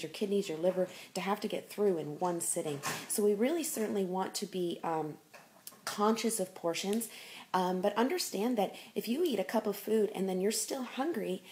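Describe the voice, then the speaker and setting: A woman's voice: mid-range voice, dark tone. A woman life coach giving an encouraging motivational talk, her speech full of ums and you-knows.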